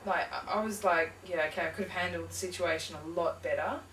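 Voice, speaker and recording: A young adult woman with a slightly low voice talks hesitantly, stopping and restarting often. She sounds a little far from the mic in an echoey room, with faint hiss underneath. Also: fast talker, a bit bright. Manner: hesitant, full of fillers and restarts. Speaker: interviewee. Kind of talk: casual interview.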